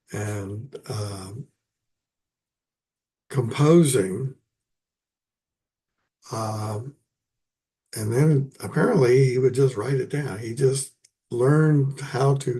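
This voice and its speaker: A man giving an unscripted poetry lecture, halting and full of ums and restarts. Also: medium pitch, dark tone. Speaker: poetry teacher.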